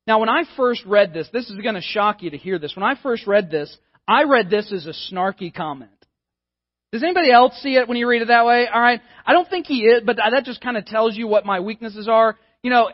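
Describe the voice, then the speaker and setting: A man's voice: high voice, expressive, normal speed, no echo, lo-fi sound. A male pastor giving a conversational, emphatic sermon, often repeating words as he builds a point.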